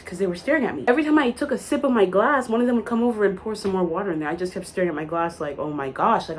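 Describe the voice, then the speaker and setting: A young woman vlogging to camera, recounting a story with big swings in pitch and lots of drama. Her voice sits in a middle register but leaps up and down as she acts out the moment. She talks casually, peppering her lines with likes and quick asides. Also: darkish tone, breathy edge. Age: young adult.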